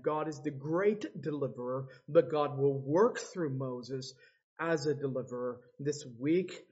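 A man preaches slowly and deliberately, his voice somewhat husky and pitched a little high. He acts out the words of biblical figures with dramatic swings. The recording sounds dull and lo-fi. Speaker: pastor. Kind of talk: sermon.

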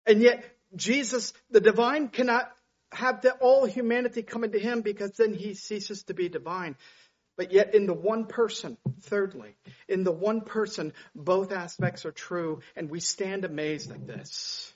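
Slow, high-voiced preacher, lo-fi sound. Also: male voice. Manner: dramatic swings from hushed to loud when retelling scenes. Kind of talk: sermon. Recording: dull lo-fi sound.

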